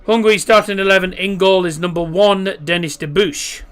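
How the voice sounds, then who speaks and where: A man's voice: high-pitched, steady tone, a little fast, a bit bright, smooth. Chatty man hosting a live stream. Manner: chatty, reads out chat messages and team lineups. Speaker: watchalong streamer host. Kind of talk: casual live stream chat.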